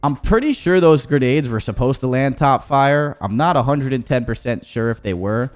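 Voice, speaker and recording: A man's voice: mid-range voice, animated, normal speed, faint music behind. A man, an esports coach, casually reviewing gameplay footage in a rambling, profane way with many restarts.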